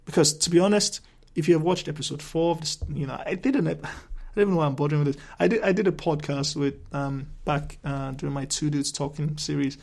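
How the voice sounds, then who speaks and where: A man's voice: on the high side, quick pace, vocal fry, darkish tone. A man hosting a solo podcast, ranting and rambling with plenty of profanity and restarts. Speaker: podcast host.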